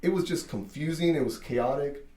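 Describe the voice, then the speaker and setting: A man who owns a barbershop telling a story in casual chat, animated, full of fillers and swearing. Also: a little high, normal speed, echoey room. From Mexican-American from Southern California. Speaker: barbershop owner.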